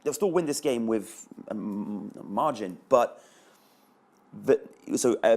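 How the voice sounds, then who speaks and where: A man's voice: on the low side, a little mellow. A man, a panelist chatting analytically on a sports show. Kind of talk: panel discussion.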